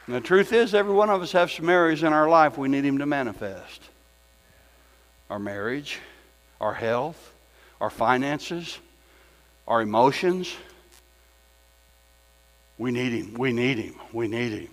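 A man preaching a sermon as pastor, folksy, repeating his phrases and swinging from loud to hushed. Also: medium pitch, a little slow, pauses often. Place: church sanctuary. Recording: long reverb in a church hall with soft music behind.

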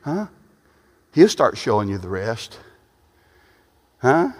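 A man preaching a sermon, often repeating and restarting phrases and building to loud peaks. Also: medium pitch, big pitch swings, slow pace. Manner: repetitive, restarting phrases, rising to shouts at peaks. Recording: long hall reverb.

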